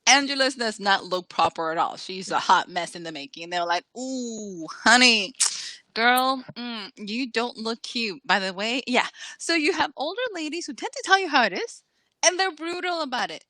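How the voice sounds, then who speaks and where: A woman author chatting in an interview, lively and acting out the people she quotes. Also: a little high, brisk, no room sound. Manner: animated, acts out quoted voices. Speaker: author guest. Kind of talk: casual interview chat.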